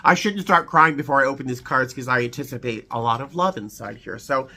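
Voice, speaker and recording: A man's voice: mid-range voice, fairly quick, vocal fry, sharp tone. A man chatting sentimentally on his video channel, tearful as he opens holiday cards and shares memories, with many fillers and restarts. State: teary. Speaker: vlogger. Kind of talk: emotional casual chat, reading holiday cards.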